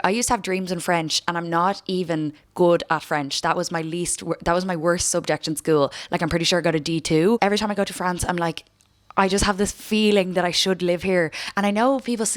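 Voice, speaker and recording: A woman's voice: lowish voice, no room sound, clean studio sound. A young Irish woman vlogging at home, chatting to camera in a rambling, self-mocking way. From Ireland. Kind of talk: casual chat to camera. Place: room at home.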